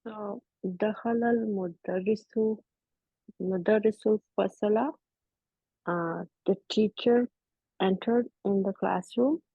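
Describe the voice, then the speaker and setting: A woman's voice: medium pitch, measured pace, long pauses, dry recording. Hesitant woman student over a phone-like line. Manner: hesitant, careful. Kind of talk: reading aloud and translating in class. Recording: dry, husky, phone-like call audio.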